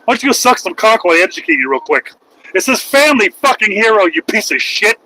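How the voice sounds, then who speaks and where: Middle-aged man, loud profane livestream rant, bright forceful tone. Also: sits high, big pitch swings, quick pace, low-quality recording. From United States. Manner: loud, profane and mocking, swings into shouting. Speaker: truck driver and livestreamer.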